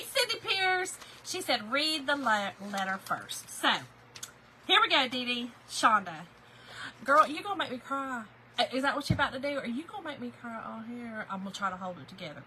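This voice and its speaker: A bubbly woman hosting a live stream, her voice bright and high and swinging up and down. She laughs easily, greets her viewers by name and gets teary over kind words. A faint hum of noise sits behind her. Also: rough recording. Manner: Southern-style slang, greets viewers by name, laughing and emotional. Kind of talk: chatty live-stream vlog.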